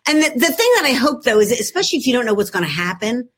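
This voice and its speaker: Very animated and talking fast, this middle-aged woman has a fairly high voice with a breathy edge and a Philadelphia accent. An author guest, she chats casually by laptop video from her home work room, joking and mocking herself along the way.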